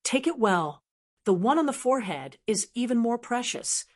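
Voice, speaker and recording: A woman voicing a calm, steady young male swordsman who speaks low and even. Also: moderate pace. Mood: reassuring.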